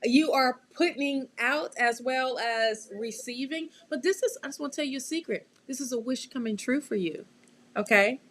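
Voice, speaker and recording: A woman hosting a live tarot reading, chatty and quick to laugh, often checking in with her listeners. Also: sits high, a bit bright. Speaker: tarot reader and show host.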